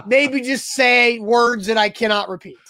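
A man's voice: very high-pitched, normal speed, bright, forceful tone. A man co-hosting a sports talk show, ranting emphatically in a casual, exasperated way.

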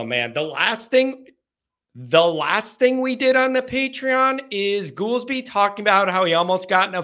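A man hosting a call-in show from his basement in an animated, joking, slangy way. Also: on the high side. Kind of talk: casual chat. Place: home basement.

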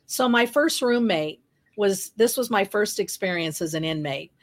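A woman's voice: mid-range voice, lively intonation, moderate pace. Earnest woman author telling her story. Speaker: author and interview guest. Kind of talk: storytelling in a podcast interview.

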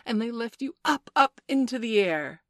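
A woman's voice: lowish voice, lively intonation, measured pace, no room sound, clean studio sound. A woman reading aloud voices a cocky, boastful young boy who can fly, in an eager, coaxing, playful way.

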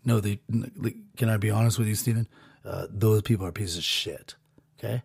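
A man's voice: big pitch swings, takes it slowly, gravelly, slightly rough, dry recording, clean studio sound, full character voice. Man doing a whispering sassy overlord. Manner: low, hushed, sassy. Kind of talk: whispered role-play.

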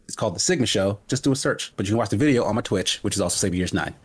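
Relaxed, teasing male guest streamer. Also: lowish voice, very fast, slightly rough. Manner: relaxed, filler-heavy, teasing. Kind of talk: casual livestream chat.

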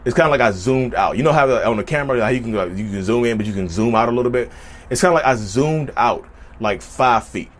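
A man's voice: medium pitch, lively intonation, fast. A man vlogging in a casual storytelling way, chatty and repetitive, often turning to his viewers directly. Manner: chatty, repetitive, keeps addressing viewers as y'all.

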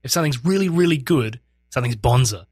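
A man's voice: mid-range voice, expressive, fast, darkish tone, slightly rough, no echo, faint music behind. Australian man, band frontman, joking chat, dry room. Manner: laughing, jokey, self-mocking. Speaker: band frontman, interview guest. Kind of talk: casual chat.

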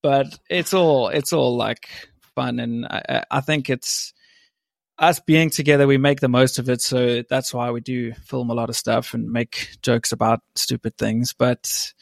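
Gravelly-voiced young man, laid-back storyteller. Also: mid-range voice, steady tone, measured pace, dry recording, clean studio sound. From born in England, raised in South Africa. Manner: laughing, self-deprecating storytelling. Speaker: podcast guest. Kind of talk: casual chat.

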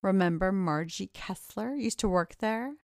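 A woman's voice: medium pitch, measured pace, no room sound, clean studio sound, natural voice. Woman reading a sarcastic young female bully, drawling.

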